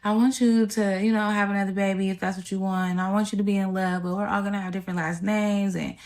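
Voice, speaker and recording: A woman voicing her tearful teenage daughter, who is nearly sixteen, in a quick, pleading way. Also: mid-range voice, steady tone, a little mellow, close to an everyday voice. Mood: upset, pleading.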